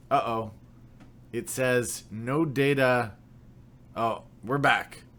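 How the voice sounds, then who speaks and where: A man's voice: medium pitch, fairly bright tone, slight background noise. A young man hosting a casual livestream, upbeat and chatty, greeting viewers by name. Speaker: livestream host.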